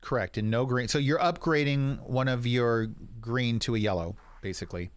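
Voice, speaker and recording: A man narrating and running a tabletop role-playing game as game master, often pausing with ums. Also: medium pitch, clear, resonant tone, no echo. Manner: hesitant, many ums.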